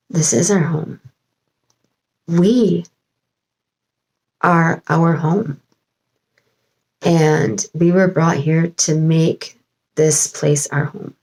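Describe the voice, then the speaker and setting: A woman's voice: deep voice, creaky, a little mellow, low-quality recording. A woman talking as a spiritual channeler in a rambling home vlog, wandering with many fillers and restarts. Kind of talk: casual spiritual vlog monologue.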